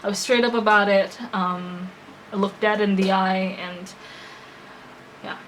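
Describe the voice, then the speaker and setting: Earnest young woman vlogging, halting. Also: medium pitch, fairly even intonation, fairly bright tone, a little hiss or hum, poor audio. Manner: hesitant, full of fillers and restarts; earnest and emotional. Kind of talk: personal storytelling to camera.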